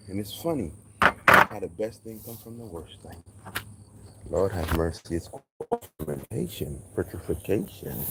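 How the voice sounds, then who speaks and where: A man with a very low, deep voice talks on a casual livestream from an outdoor yard while tending chickens. He riffs in an animated, preachy way and drops street slang. Faint roosters and insects sit behind him. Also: slight background noise. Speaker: livestream host on a farm.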